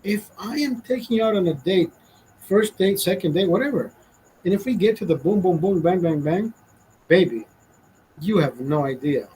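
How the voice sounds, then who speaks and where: A man's voice: sits high, animated, moderate pace, mellow, a little hiss or hum, low-quality recording. A man in his forties from Honduras with a Honduran accent, delivering a blunt, profane, indignant rant to camera. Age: 40s. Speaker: vlogger. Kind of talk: casual ranting monologue.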